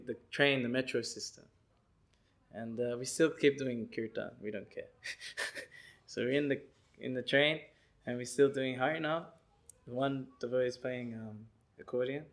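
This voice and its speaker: A man giving a lecture, telling an animated story and acting out the people in it. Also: mid-range voice. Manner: animated, acts out people he describes and sings chants.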